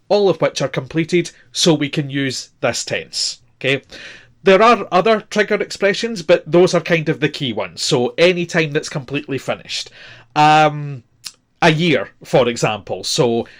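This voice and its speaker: A man's voice: a little high, animated, unhurried, fairly bright tone. A man in his forties teaching a grammar lesson, patient and methodical, spelling out words letter by letter with frequent fillers. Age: 40s. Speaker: language teacher.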